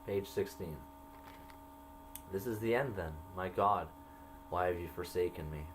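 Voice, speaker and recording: A man slowly reading entries from his own jail journal aloud, marking each quoted line by saying quote and end quote. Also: sits low, a little hiss or hum, rough recording.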